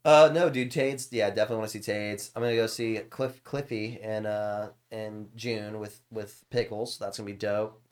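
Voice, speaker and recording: A man's voice: fairly low pitch, fairly even intonation, moderate pace, hardly any pauses, a little mellow. A young man who streams games, telling rambling stories in casual podcast chat, swearing and laughing often.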